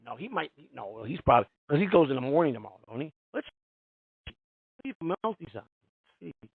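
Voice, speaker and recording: A high-voiced man hosts a call-in radio show, swearing freely and circling back over his own sentences. His pitch leaps around as he goes. The sound is thin and phone-like, with no room around it. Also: very animated, fairly quick, vocal fry, husky, no room sound. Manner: profane, rambling and heated, with many restarts. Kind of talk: casual call-in radio talk. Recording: tinny, dry phone-line sound.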